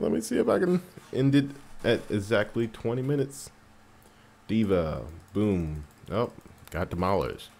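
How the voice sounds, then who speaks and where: A man casually commentating his mobile game as he plays, getting excited and swearing at the game when it annoys him. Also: deep voice, normal speed. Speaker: mobile game player narrating gameplay.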